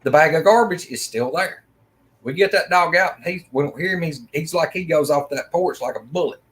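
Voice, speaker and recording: Middle-aged man, slightly high voice, rambling folksy storyteller. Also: brisk, a bit bright. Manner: folksy, rambling, acts out quoted lines. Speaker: storyteller of a personal encounter. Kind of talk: casual first-person storytelling.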